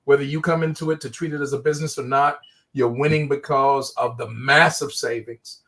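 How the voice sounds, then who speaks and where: A man's voice: mid-range voice, fairly even intonation, a little fast, fairly bright tone. A man, a pastor hosting a call, affirming his guest and wrapping up with encouragement. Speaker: pastor and host.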